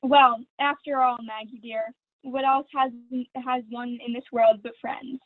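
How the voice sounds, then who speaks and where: A woman's voice: a little high, fairly even intonation, unhurried, no room sound. A young woman acting a vain, gushing glamorous stage actress in a school play read over a video call. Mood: catty. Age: teens. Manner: theatrical, affected, honeyed. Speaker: student actor. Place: at home. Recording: dry, tinny video call audio.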